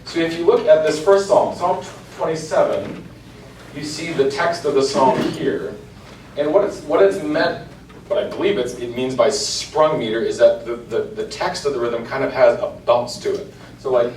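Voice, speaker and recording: A church cantor gives an informal lecture to an adult class in a church meeting room, chanting example lines in rhythm. His mid-range voice, at normal speed and a little mellow, sounds far from the mic in an echoey room with faint hiss.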